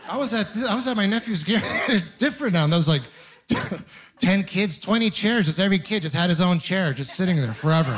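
A man from Ontario works a stand-up set, his voice sitting high for a man. He tells his stories deadpan and breaks into quick voiced asides, sounding like he's in his thirties. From Ontario, Canada. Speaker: stand-up comedian. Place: comedy club stage with a live audience laughing.

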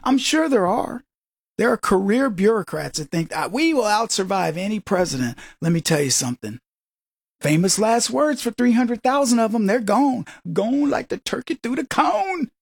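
A man's voice: sits high, big pitch swings, moderate pace, vocal fry, husky, dry recording, clean studio sound. A man hosting a talk radio show, brash and mocking, who laughs often and acts out other people's voices. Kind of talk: conservative talk radio monologue.

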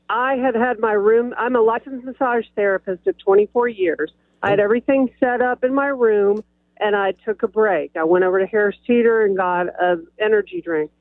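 A woman's voice: a little high, dry recording. A woman calling in to a radio show, cheerful and chatty, giggling as she tells her story. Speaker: caller. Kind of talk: telling a story on a call-in show. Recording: tinny phone line.

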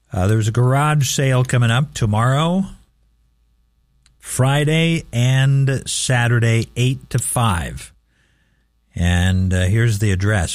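A man's voice: mid-range voice, darkish tone, no room sound, clean studio sound. A man hosting a casual radio swap shop, reading listings and repeating phone numbers carefully.

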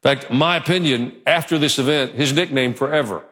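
A man's voice: mid-range voice, moderate pace, a bit bright. A male pastor preaching a sermon in church, in a conversational, joking manner. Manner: conversational and joking, acts out quotes.

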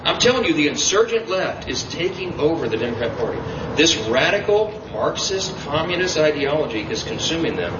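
An emphatic man delivers a campaign stump speech, his pitch rising and falling with energy. He is picked up from a distance in a reverberant space. The audio is dull and sits under steady noise. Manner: emphatic, animated rally speaking. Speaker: politician at a campaign rally. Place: campaign event. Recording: roomy, distant, dull, noisy rally audio.

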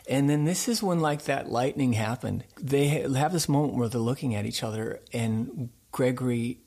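A man who hosts a radio program, telling a folksy, rambling anecdote in relaxed conversation. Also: medium pitch, normal speed, hardly any pauses. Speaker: radio show host being interviewed.

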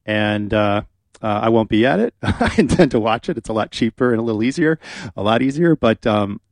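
A man's voice: on the low side, animated, a little fast, dry recording, studio quality. A man hosting a radio talk show, talking casually and chattily with frequent fillers. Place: radio studio. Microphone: studio microphone.

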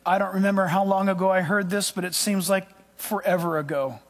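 A high-pitched male pastor delivers a sermon with emphatic, dramatic swings from loud to hushed. His voice rings out with a long reverb tail, as if in a large sanctuary. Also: steady tone, fairly quick.

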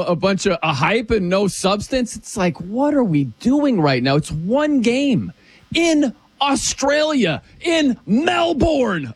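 A man hosting a casual sports talk show, animated and jokey, from the United States. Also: no echo. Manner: animated, jokey, swoops his pitch around.

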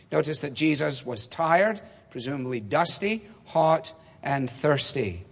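A man preaching an expository sermon, measured and emphatic, with rhetorical questions. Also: a little high. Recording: long hall reverb.

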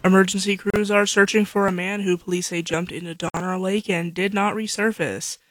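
A female local news anchor reading headlines in a steady, measured way. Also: mid-range voice, dry recording, soft background music.

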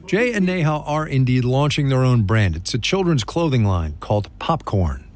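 A middle-aged man hosting a radio business news show, reporting and interviewing with lively, joking asides. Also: medium pitch, normal speed, soft background music.

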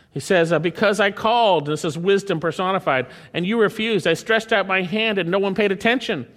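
Male pastor, sermon delivery, emphatic, higher voice with a wide, animated pitch range. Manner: emphatic preaching, reads scripture aloud.

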